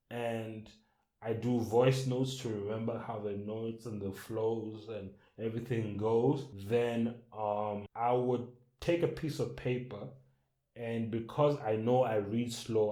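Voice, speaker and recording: A man's voice: fairly low pitch, warm tone, roomy sound. A man who writes songs, talking casually to camera in a loose, rambling way. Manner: loose, rambling, hums and sings melody ideas. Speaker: songwriter.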